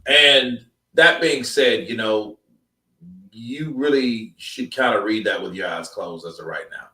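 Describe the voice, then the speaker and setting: A low-voiced man hosts a live stream, chatting loosely with plenty of slang and tangents. The sound is echoey and comes from a distant mic. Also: unhurried, bright, forceful tone. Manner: loose, rambling, slangy talk. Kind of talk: casual chat.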